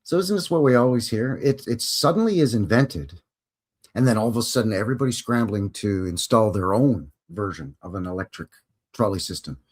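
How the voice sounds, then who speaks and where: A male host talks through history on a live stream in a loose, chatty way, full of jokes and side remarks. His voice swings widely in pitch as he rambles. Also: expressive, a little fast. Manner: chatty, joking, rambling asides.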